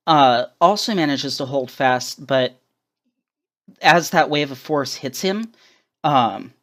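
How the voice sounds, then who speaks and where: Slow, halting game master man. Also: mid-range voice, fairly bright tone. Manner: hesitant, many ums and uhs. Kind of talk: narrating a tabletop game.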